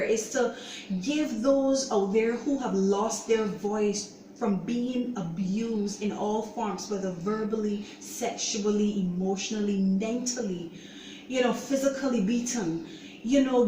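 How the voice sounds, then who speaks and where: A woman with a fairly high, warm voice, a show host, earnestly shares her own story as a personal testimony. She speaks haltingly and leans on "you know." Her voice sounds distant from the mic in a roomy echo, with slight background noise.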